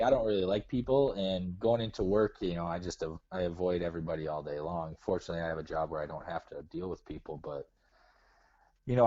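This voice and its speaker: A man with a low, mellow voice calls in and chats casually. He grumbles about himself in a self-deprecating way. His voice comes through a dull, lo-fi line. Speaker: caller. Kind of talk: casual chat.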